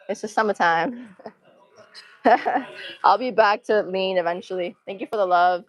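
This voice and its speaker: A woman's voice: mid-range voice, a little slow, dry recording. A young woman live-streaming her gym workout, a little out of breath, chatting casually and counting reps and form cues between sets. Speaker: fitness streamer.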